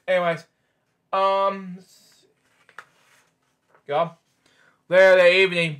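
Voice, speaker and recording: A man with a bright, slightly high voice reads a bedtime picture book aloud. He stumbles, restarts words and wanders off into chatty asides between pages. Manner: rambling, stumbling, many restarts and side comments. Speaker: storyteller host.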